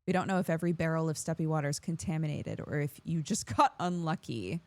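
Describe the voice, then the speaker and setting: A calm male doctor delivers his lines in a lower, matter-of-fact voice, as a woman reads his game dialogue aloud. He is measured and unhurried, never rattled. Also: dry recording.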